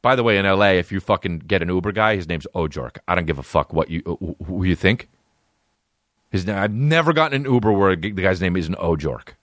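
A man's voice: low voice, lively intonation, a little fast, a bit bright, dry recording, clean studio sound. A man hosting a podcast, telling a rambling, profane comic story and reading ads. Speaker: podcast host. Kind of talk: comedic storytelling and ad reads.

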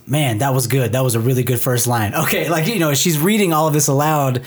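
Animated man retelling movie scenes. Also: medium pitch, brisk, hardly any pauses. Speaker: podcast co-host. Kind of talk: casual movie-review chat.

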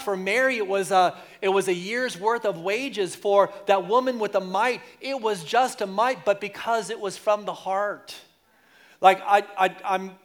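A man with a fairly high voice preaches a sermon to his congregation. He talks in a loose, conversational way, repeats key lines and acts out the voices of church members. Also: a bit bright. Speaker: pastor.

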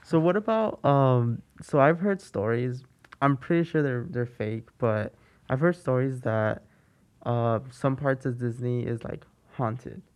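A man's voice: mid-range voice, measured pace. A man co-hosting a podcast in casual chat, asking a question hesitantly and with many fillers. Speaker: podcast co-host.

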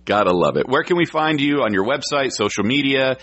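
A man from the United States hosting an interview, easygoing and agreeable, asking questions in a relaxed chat. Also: medium pitch, a little fast, no echo, muffled recording. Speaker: interview host.

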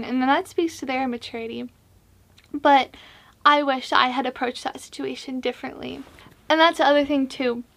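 A young woman with a notably high, light voice talks straight to her viewers in a casual vlog. She is earnest and frank, and pokes fun at her own past mistakes. Her advice comes with animated emphasis. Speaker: vlog host. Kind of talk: casual faith-based advice talk.

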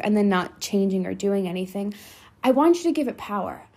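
A young adult woman hosts a solo motivational podcast, speaking bluntly and swearing freely for emphasis. Her medium-pitched voice is animated, brisk, darkish, and slightly rough.

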